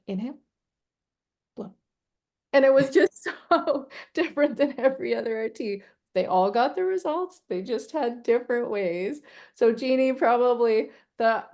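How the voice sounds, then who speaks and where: A woman respiratory therapist hosting a casual group chat, telling animated stories and laughing often. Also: fairly high pitch, gravelly.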